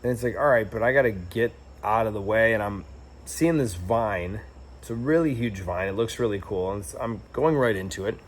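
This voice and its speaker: A man's voice: on the low side, moderate pace, a little hiss or hum. A young man telling a travel story in a casual, rambling and reflective way, with lots of fillers and restarts. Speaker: travel vlogger.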